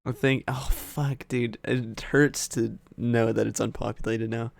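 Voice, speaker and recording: A man's voice: medium pitch, little pitch movement, a little slow, vocal fry. A young man co-hosting a casual podcast, a laughing, foul-mouthed trash-talker looking back on old gaming days. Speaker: podcast co-host. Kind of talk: casual chat.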